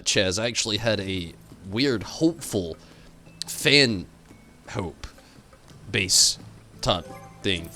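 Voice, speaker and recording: This is a man talking through a live game stream, drifting from one tangent to the next as he answers chat. His voice has a bright edge and swings freely up and down as he gets carried away. He swears casually, and faint music plays behind him. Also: medium pitch. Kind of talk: live gameplay stream commentary.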